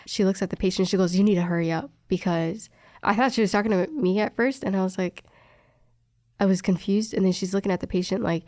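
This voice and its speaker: A woman's voice: medium pitch, quick pace, no echo, studio quality. A young woman in a casual chat, telling a workplace story and acting out the dialogue, with lots of fillers. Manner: animated, acts out quoted dialogue, many fillers. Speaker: respiratory therapist telling a story.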